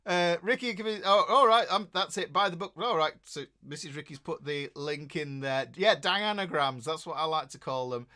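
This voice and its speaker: This Yorkshire-born, middle-aged guitar streamer talks at normal speed with hardly a pause, his slightly high voice sharp in tone. Casual and chatty, he wanders from joke to joke and greets his viewers by name.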